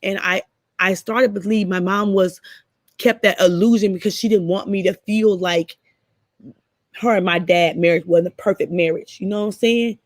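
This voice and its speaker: A woman's voice: medium pitch, steady tone, moderate pace, dry recording. A middle-aged woman talking casually as a podcast guest, often repeating words and restarting as she searches for her thoughts.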